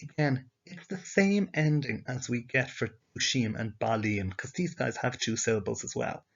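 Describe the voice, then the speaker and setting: A man's voice: mid-range voice, normal speed, creaky. Man teaching step by step, muffled audio. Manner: patient, explains step by step with questions to the learner. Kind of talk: slide-based language lesson. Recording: dull lo-fi audio.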